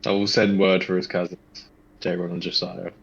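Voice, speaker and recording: A man's voice: deep voice, flat delivery, moderate pace, creaky, dull audio, slight background noise. A man playing his character in a tabletop game, speaking earnestly in plain statements. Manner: earnest, declarative. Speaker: player.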